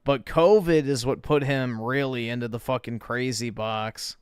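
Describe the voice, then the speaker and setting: Sarcastic streamer with a crisp voice. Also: male voice, mid-range voice, steady tone, a little slow, no echo, studio quality. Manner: mocking, sarcastic, profane. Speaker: streamer host. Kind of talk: casual reaction stream.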